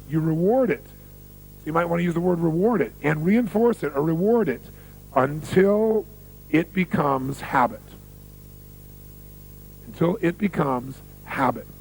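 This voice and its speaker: Gravelly raspy guy running a seminar, kinda high voice, hammers points by repeating them. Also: a little mellow, a little hiss or hum, rough recording. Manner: emphatic, repeats key phrases, questions the audience. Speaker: motivational speaker. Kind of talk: seminar talk with stories.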